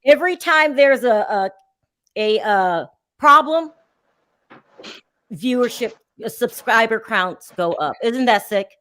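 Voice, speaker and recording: A woman's voice: on the high side, expressive, takes it slowly, long pauses, fairly bright tone. Chatty woman hosting a call-in show. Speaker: host.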